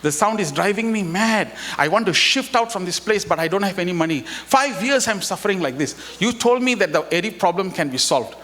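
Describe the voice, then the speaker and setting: A man's voice: high-pitched, expressive, brisk, few pauses, a bit bright. A man voicing an exasperated woman who pleads for help with a noisy neighbor.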